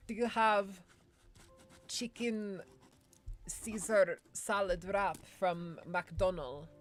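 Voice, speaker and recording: A woman's voice: medium pitch, voice pushed up, close to an everyday voice. A woman voicing a customer with a made-up, vaguely European accent, asking pleading questions.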